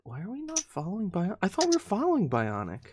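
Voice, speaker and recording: A man's voice: sits high, huge pitch swings, fast, a crowd in the background. A man co-hosting a podcast in casual, joking chat. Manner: joking, playful, does voices. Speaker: podcast co-host. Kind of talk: casual chat on a live stream.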